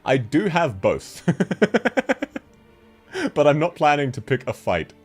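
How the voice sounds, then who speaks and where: A man's voice: on the high side, very animated, slow pace, breathy edge, faint music behind. A man with an Australian accent, chatting casually on a game stream, laughing often as he answers chat.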